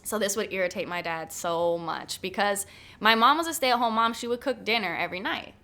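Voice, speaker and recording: A woman in her late twenties co-hosting a podcast, chatting in a lively way and telling stories with frequent laughter. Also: medium pitch, fairly quick. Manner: lively, laughs often, animated storytelling. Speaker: podcast co-host. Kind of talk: casual chat.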